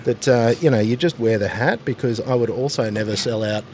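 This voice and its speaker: A man's voice: medium pitch, brisk, darkish tone, slight background noise. An Australian man hosting a podcast in casual, joking, self-mocking banter. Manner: jokey, playful, self-mocking.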